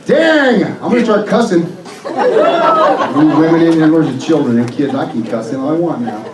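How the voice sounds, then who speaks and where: A man's voice: fairly high pitch, wildly swooping pitch, moderate pace, over a noisy crowd. A man, a chiropractor, giving a motivational health seminar to a live audience, joking and firing questions at the room. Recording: echoey room, distant mic, faint ambience.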